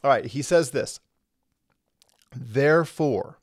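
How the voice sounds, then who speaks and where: A man teaching a livestreamed Bible lesson in a conversational, animated way, with frequent fillers and emphatic stresses. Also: mid-range voice, unhurried, dry recording, clean studio sound.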